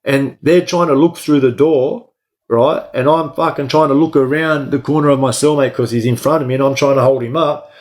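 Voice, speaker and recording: A man's voice: medium pitch, fairly even intonation, a little fast, a little mellow. A man with an Australian accent, a guest in an interview, telling a story from his time in prison in a blunt way, swearing often and checking in with "right?".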